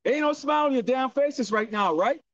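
A man preaching on the street in a loud, profane, scolding manner. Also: very high voice, lively intonation, fairly quick, no room sound. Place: outdoors, windy street corner. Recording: distant lo-fi outdoor recording.

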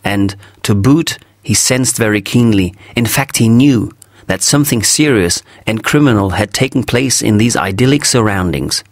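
A man reading a story aloud for English learners, steady and clear. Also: on the low side, normal speed, dry recording, clean studio sound. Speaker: narrator.

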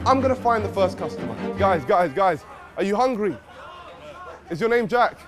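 A British man hosting a prank vlog outdoors, loud, hyped and playfully teasing. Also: high voice, expressive, normal speed. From United Kingdom. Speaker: host. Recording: street crowd and music behind.

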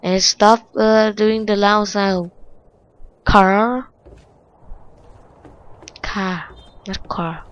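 Slow-talking Vietnamese-accented woman gamer. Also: smooth, poor audio. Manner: excitable, jumps from muttering to high shrieks when scared; simple non-native English phrasing. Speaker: gaming channel host. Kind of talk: let's-play game commentary.

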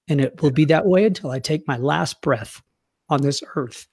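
A man's voice: fairly high pitch, normal speed, darkish tone, husky. Earnest middle-aged American man. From United States. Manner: earnest, heartfelt, at times choked up. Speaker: guest; youth hockey coach. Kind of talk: emotional personal storytelling.

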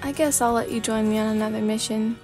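A woman reading a sleepy story aloud, voicing a loud, rude, boastful young male demon-slaying warrior who trades insults. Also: on the high side, fairly even intonation, quick pace, soft background music, close to an everyday voice. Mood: gruff.

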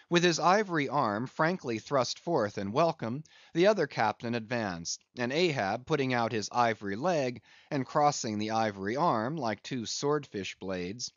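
A man narrating a classic novel in a measured, steady audiobook reading. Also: medium pitch, dry recording, lo-fi sound. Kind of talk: scripted narration.

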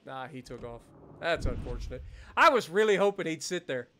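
Excitable high-voiced male streamer. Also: a little fast, a little hiss or hum. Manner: excitable, swears a lot, bursts into laughter. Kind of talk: live gameplay commentary.

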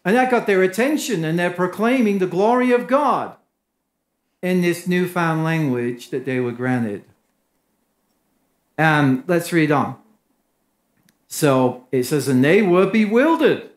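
High-voiced English pastor in echoey church. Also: male voice, animated, slow, pauses often. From England. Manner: emphatic, rises in pitch for quoted crowds. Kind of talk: sermon.

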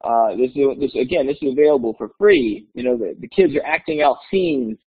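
A male teacher telling a classroom story to other educators in a webinar, energetic and enthusiastic, acting out the voices in his story. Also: mid-range voice, fairly quick, slightly rough. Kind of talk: animated storytelling presentation. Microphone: webinar call mic. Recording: tinny phone-like webinar audio.

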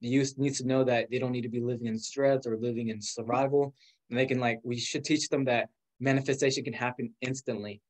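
A man in his twenties telling a personal story in casual conversation, animated and quick, full of fillers, acting out the voices of others. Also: mid-range voice. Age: 20s. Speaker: guest.

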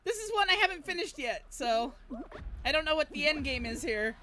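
A woman's voice: sits high, expressive, a little fast. A woman streamer giving live gameplay commentary, who swears and shrieks when she fails and chats in a rambling way with her viewers.

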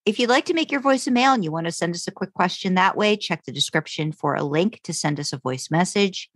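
Lower-voiced woman with lively pitch. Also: fast talker, no room sound, studio quality. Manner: easygoing, giggly, reads out contact details. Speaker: podcast co-host. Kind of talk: casual podcast chat.

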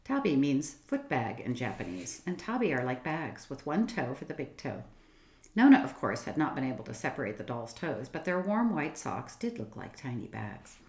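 Low-voiced woman reading a storybook. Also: very animated, moderate pace, a little mellow. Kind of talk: reading a children's book aloud. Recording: roomy echo.

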